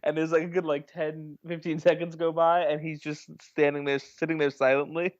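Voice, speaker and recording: A man's voice: a little high, level tone, a little fast. Enthusiastic young man, muffled lo-fi recording. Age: 20s. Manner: enthusiastic, retells scenes with laughter. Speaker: podcast co-host. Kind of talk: casual comedy chat.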